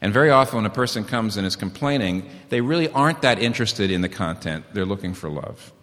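A man's voice: on the low side, animated, fast, fairly bright tone. A middle-aged man preaching on marriage, emphatic and repeating his key points. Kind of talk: sermon on marriage. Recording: long hall reverb.

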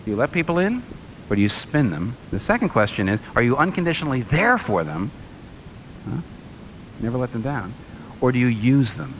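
A man's voice: mid-range voice, sing-song, fairly quick, long pauses, a bit bright, a little hiss or hum, poor audio. A man preaching a sermon, firing rhetorical questions and telling a story.

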